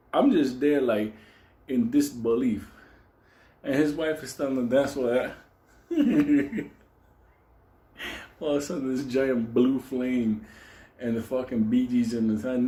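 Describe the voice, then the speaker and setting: A man's voice: mid-range voice, a little mellow. A man from Puerto Rico telling a wild club story in a casual, profane, comedic way, laughing often as he goes. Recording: roomy echo with faint ambience.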